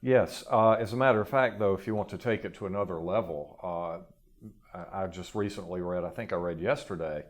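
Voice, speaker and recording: A man with a very low voice speaks as a guest expert in a casual interview. He explains at length and picks up speed when an idea takes hold, with a dry, wry edge. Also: moderate pace.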